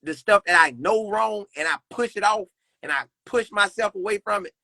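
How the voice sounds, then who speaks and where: A man's voice: high voice, moderate pace, gravelly, sharp tone, no echo. A young man talking earnestly about faith as a podcast guest, repeating phrases in a preacherly way. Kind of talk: casual faith conversation.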